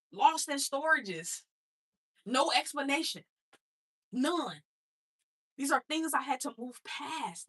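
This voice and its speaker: A woman's voice: high-pitched, a bit bright. An adult woman and mother telling her own story in a blunt, streetwise motivational talk, speaking straight to her listeners.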